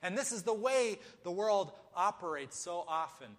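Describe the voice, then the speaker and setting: A man's voice: sits high, animated, normal speed. A man preaching a sermon, emphatic, with rhetorical questions and repetition. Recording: echoey hall.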